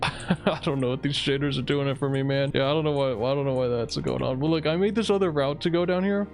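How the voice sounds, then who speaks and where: A young gaming creator talks fast in a medium-pitched voice, rambling easily through commentary on his own play and saying "dude" often. Game music can be faintly heard behind him.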